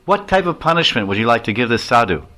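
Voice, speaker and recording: A man's voice: medium pitch, sing-song, quick pace, sharp tone. A man voicing an ancient king who admonishes a holy man for hurting a dog, in a lecturing way. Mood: admonishing. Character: stern, righteous ancient king judging a dispute.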